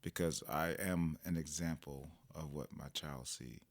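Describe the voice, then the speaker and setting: A man's voice: a bass voice, measured pace, dry recording. A man guest on a parenting podcast, telling family stories and acting out exchanges with animation. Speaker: podcast guest, personal trainer and father. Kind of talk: conversational podcast interview.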